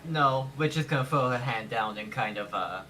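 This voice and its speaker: A man playing a tabletop game, planning out loud with hesitant fillers. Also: medium pitch, expressive, moderate pace, slight background noise, low-quality recording. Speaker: player. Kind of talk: casual tabletop play.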